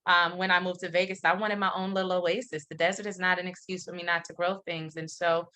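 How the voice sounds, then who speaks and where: A middle-aged woman, a guest in a casual interview, telling a personal story in an animated, candid way, often pausing on "um". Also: lowish voice. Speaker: interview guest, company founder.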